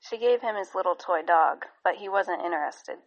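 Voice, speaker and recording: A woman narrating an audiobook in a calm, even storytelling manner. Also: on the low side, normal speed, lo-fi sound.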